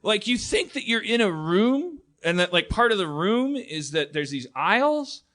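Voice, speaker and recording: Male comedy podcast host, rambling and profane, bright-toned. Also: sits high, very animated, normal speed. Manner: rambling, many restarts, profane. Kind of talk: live comedy podcast riffing.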